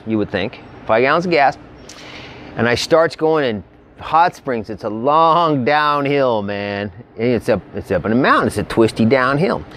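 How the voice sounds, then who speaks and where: A man's voice: on the high side, slight background noise. Rambling, profane man telling a story. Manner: rambling, profane, drawling storyteller with slangy grammar. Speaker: motorcycle travel vlogger. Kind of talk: casual storytelling.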